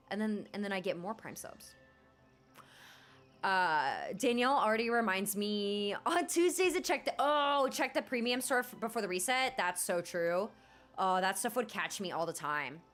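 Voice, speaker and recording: A woman's voice: mid-range voice, a bit bright. A young woman hosting a livestream, chatting casually and bubbly while gaming, with lots of fillers. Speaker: livestream host.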